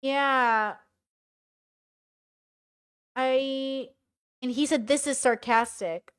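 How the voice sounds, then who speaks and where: A young woman reading messages aloud and weighing in with blunt, casual commentary. Her voice is smooth, clear and slightly high. The sound is dry and close. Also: fairly even intonation, drawn-out words, pauses often, a bit bright, dry recording. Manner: reads messages aloud and comments frankly, swearing. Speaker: commentary streamer.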